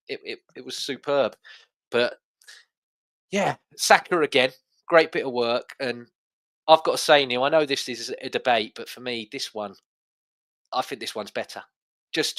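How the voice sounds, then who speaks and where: A man's voice: mid-range voice, fairly bright tone, dry recording. A man hosting a casual football podcast, talking in an enthusiastic, rambling way. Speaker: podcast host.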